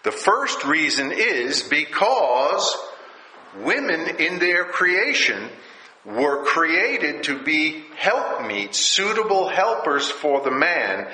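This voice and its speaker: Slow, bright-voiced preacher man. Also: fairly high pitch, very animated. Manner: rhetorical, keeps asking "all right?". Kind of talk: sermon teaching. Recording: echoey room.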